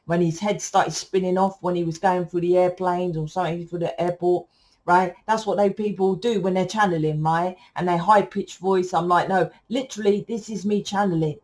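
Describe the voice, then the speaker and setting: A woman, a tarot reader talking to viewers in a loud, rambling, casual spiritual monologue that keeps correcting itself. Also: fairly low pitch, fairly even intonation, moderate pace.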